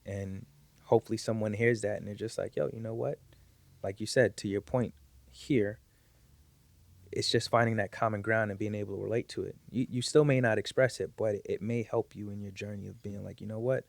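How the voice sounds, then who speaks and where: A man's voice: lowish voice, steady tone, fairly quick, gravelly, no echo. A man talking as a guest on a podcast in a casual, heartfelt conversation, earnest and reflective, often repeating words as he gathers his thoughts.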